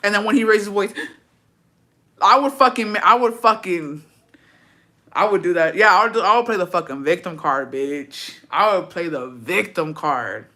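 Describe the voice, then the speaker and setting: A young woman with a bright, forward voice talks casually to her livestream audience. She is blunt and profane, swears freely, and runs her sentences together in a loose, chatty rhythm. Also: fairly low pitch, normal speed. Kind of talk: casual chat answering viewer comments.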